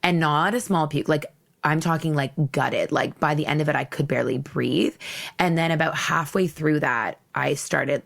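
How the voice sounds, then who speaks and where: A woman's voice: low-pitched, expressive, normal speed, gravelly, fairly bright tone. A young woman hosting a podcast, telling a personal travel story in a blunt, theatrical, candid way with frequent laughs. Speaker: podcast host.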